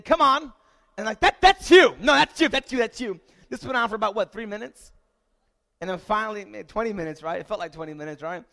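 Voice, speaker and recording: A man preaching as a pastor, moving from a relaxed story to loud, repeated calls to the congregation. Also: fairly high pitch, creaky. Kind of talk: sermon.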